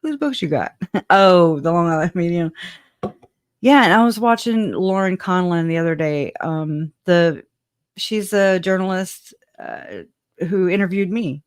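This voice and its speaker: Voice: mid-range voice, lively intonation, measured pace, clear, resonant tone, dry recording, studio quality. A guest telling their side of a personal story in a casual, rambling way, laughing often, trailing off with "anyways" and answering live chat comments.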